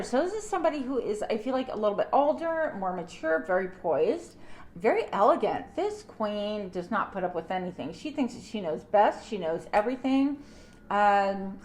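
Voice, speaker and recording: A middle-aged woman giving a casual tarot reading to her audience, chatty and animated, with playful asides. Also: mid-range voice, a little hiss or hum. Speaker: tarot reader.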